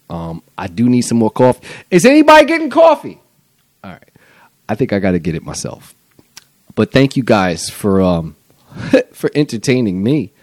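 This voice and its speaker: A man's voice: lowish voice, warm tone, dry recording. A man hosting his own podcast, talking in a loose, rambling and profane comedic monologue. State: high on mushrooms. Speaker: podcast host.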